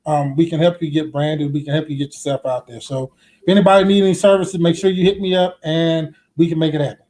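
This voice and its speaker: A man's voice: fairly high pitch, fairly even intonation, fast, dark tone. A man co-hosting a casual panel talk, laid-back and slangy while he plugs his film and video business. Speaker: co-host and filmmaker.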